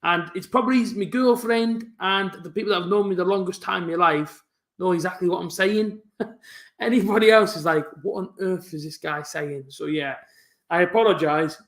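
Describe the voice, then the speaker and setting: Young guy streaming footy chat, talks a mile a minute, mumbles, bit of a stutter, slightly high voice, echoey room. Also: a bit bright. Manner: fast-talking, mumbling, with a stutter. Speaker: football fan streamer hosting a live match watch-along. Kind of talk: casual live-stream chat.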